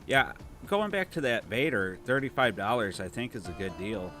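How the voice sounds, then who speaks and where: A man with a Toledo, Ohio twang hosts a relaxed gameplay stream in a low-pitched voice. He rambles easily and reads out comments from viewers, with faint music playing underneath. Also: moderate pace. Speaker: livestream host. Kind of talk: casual gameplay livestream chat.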